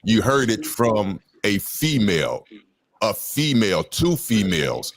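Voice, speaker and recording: A man's voice: on the low side, big pitch swings, unhurried. A man speaking earnestly and with emphasis as a panelist on a live-stream chat over a video call. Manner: earnest and emphatic, praises others.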